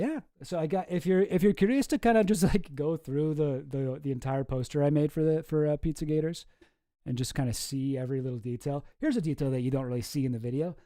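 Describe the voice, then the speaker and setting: A man's voice: a little high, mellow, dry recording, clean studio sound. A man chatting casually on a livestream in a rambling, offhand way that often trails off. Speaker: streamer and video creator.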